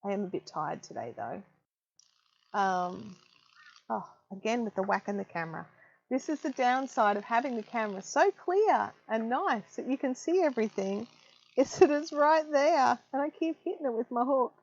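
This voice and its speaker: A woman's voice: fairly high pitch, animated, moderate pace, gravelly, muffled recording. Chatty woman live-streaming crafts. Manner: chatty, reads viewer comments aloud, many ums. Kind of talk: casual live-stream chat. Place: home craft room.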